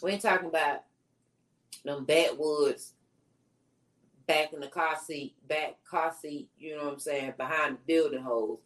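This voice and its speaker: A woman's voice: low voice, unhurried, long pauses. A woman co-hosting a casual live-stream chat, talking in a laid-back, slangy way. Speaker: co-host.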